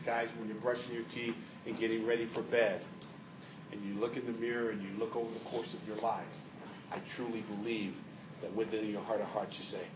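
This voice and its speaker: Male motivational trainer, dramatic storyteller who quizzes the crowd; recorded far off in an echoey seminar hall. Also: lowish voice. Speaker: network marketing trainer. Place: seminar room with live audience. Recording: echoey hall, distant, dull and noisy.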